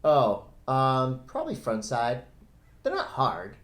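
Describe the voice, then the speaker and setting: A man's voice: medium pitch, wildly swooping pitch, takes it slowly, a bit bright. A middle-aged man co-hosting a casual podcast, loose and rambling, laughing often. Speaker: podcast co-host. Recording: roomy echo.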